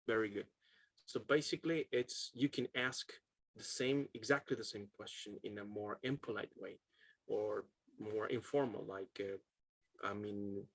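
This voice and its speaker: A man with a lowish voice and a Chilean Spanish accent teaches an English lesson over a video call, with no room sound. It's an online class, and he's casual and chatty, laughing often and filling pauses with lots of ums and uhs.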